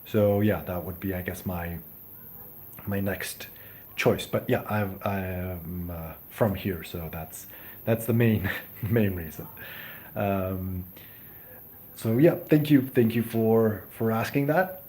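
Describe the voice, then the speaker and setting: A young man from Serbia talks through a relaxed live stream, slow and unhurried, his voice pitched a little low. He stops and restarts often, thanking viewers warmly as he goes. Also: slight background noise. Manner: hesitant, many ums and restarts. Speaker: livestream host. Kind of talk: casual live chat reading viewer comments.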